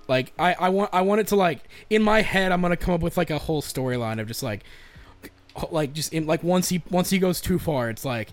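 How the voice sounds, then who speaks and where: Casting: young male podcast co-host, animated and foul-mouthed, rambling game chat. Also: a little high, fairly quick, no room sound. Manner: animated, swears a lot, rambling with restarts. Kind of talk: casual chat about games and movies.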